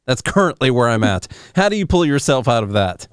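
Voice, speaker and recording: A man's voice: medium pitch, very animated, fairly quick, clear, resonant tone, no echo, clean studio sound. A man hosting a podcast, candid and self-deprecating, laughing easily in casual conversation.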